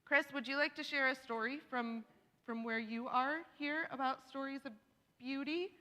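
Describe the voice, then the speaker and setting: A woman's voice: high voice, moderate pace, bright, forceful tone. A woman leading a church congregation in sharing time, chatty and encouraging, laughing often. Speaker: church worship leader. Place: church sanctuary. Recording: long reverb of a church hall.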